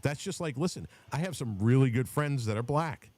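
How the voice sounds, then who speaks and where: A man's voice: mid-range voice, expressive, moderate pace, a little mellow, dry recording. A man hosting a podcast who talks in a heated, profane way, telling stories and restarting his sentences. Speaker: podcast host. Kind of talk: casual political chat.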